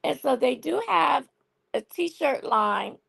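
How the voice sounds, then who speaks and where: A woman's voice: high voice, lively intonation, takes it slowly, vocal fry, fairly bright tone. A woman hosting a live stream, chatting casually about a TV show and saying y'all a lot. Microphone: phone.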